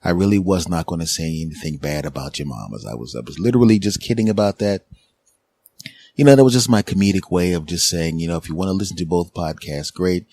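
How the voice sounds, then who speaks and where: A man's voice: low voice, lively intonation, quick pace, warm tone, no echo. A man, giving a rambling, joking comedy monologue as a podcast host. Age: 40s. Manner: joking, rambling, self-mocking.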